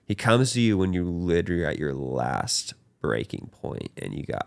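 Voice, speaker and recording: A man's voice: sits low, normal speed, creaky, no room sound. A young man hosting a podcast, talking earnestly about faith in a casual chat. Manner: earnest, animated, talks with his hands in quoted voices. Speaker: podcast host.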